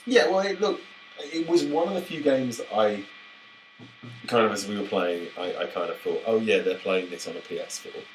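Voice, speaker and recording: Deep-voiced man rambling on a podcast. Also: normal speed, slight background noise, poor audio. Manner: rambling, self-interrupting, jokey. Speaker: podcast co-host. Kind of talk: casual chat.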